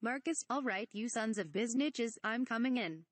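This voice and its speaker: A woman's voice: on the high side, expressive, moderate pace, no room sound. Woman reading cocky young squadron leader, swearing, dry close sound.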